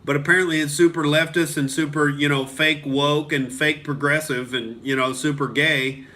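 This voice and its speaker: Profane ranting male comedian, bright voice. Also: on the high side, fairly even intonation, normal speed. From Oklahoma. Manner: profane, heated ranting, reads viewer comments. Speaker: comedian hosting a live stream. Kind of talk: ranting live-stream commentary.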